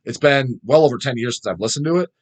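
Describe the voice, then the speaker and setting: Man, casual podcast host, rapid talk, profane, rambling, trails off hunting for names. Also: medium pitch, animated. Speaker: podcast host reading viewer comments. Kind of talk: casual chat.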